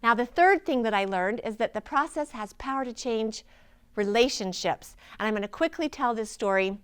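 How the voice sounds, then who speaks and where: A woman's voice: fairly high pitch, expressive, normal speed, fairly bright tone, clean tone. A woman in her forties, a healing practitioner, giving an earnest, inspirational personal testimony.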